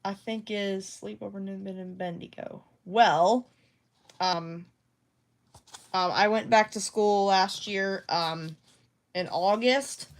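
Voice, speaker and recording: A woman's voice: medium pitch, slow pace. A woman vlogging casually at home about her craft projects, rambling and hesitant with many restarts. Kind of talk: casual talk to camera.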